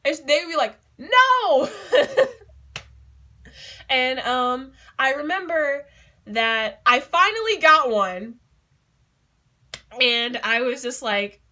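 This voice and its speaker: A young woman chats to her camera in a casual vlog, giggly and excitable, full of little fillers. Her voice sits a touch high and rings bright and forward. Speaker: beauty vlogger.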